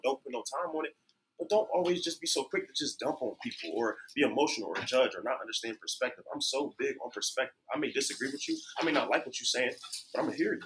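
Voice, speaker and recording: A man's voice: mid-range voice, background noise. A man hosting a live podcast in front of an audience, talking casually and animatedly in slang. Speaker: podcast host.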